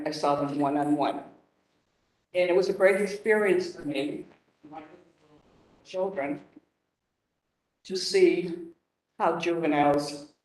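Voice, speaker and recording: A woman's voice: sits low, darkish tone, distant mic. An older woman on a council, speaking at a hearing in an emotional, rambling, outspoken way. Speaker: council member. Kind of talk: hearing remarks. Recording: roomy, off-mic in a hall.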